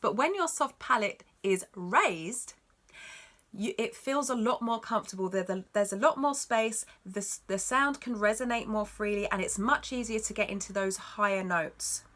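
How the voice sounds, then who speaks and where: A woman's voice: medium pitch, normal speed, a bit bright. A woman giving a singing lesson, explaining technique in an encouraging, instructive way. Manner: encouraging, instructive, demonstrates notes. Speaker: singing teacher. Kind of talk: vocal lesson talk.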